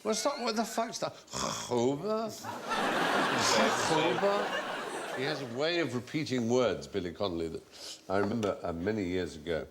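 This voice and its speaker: A man's voice: mid-range voice, animated, brisk, vocal fry, few pauses, a loud crowd, very noisy. A man hosting a TV panel show, telling comic anecdotes and slipping into mimicked voices. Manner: playful storyteller who slips into mimicked voices. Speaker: quiz show host.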